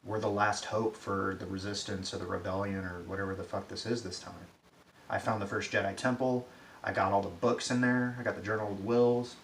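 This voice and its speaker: A man's voice: on the low side, steady tone, a little fast, lightly acted. A man voicing a weary older male Jedi hermit in an offhand, sarcastic way, recorded from a distance in a roomy space. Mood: coaxing. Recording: roomy echo, distant mic, faint hiss.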